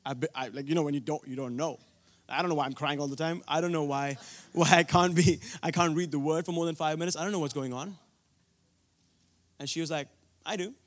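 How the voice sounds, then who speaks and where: A man's voice: fairly high pitch, steady tone, a little fast. Earnest young man preaching from India. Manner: earnest, personal storytelling with many restarts. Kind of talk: sermon.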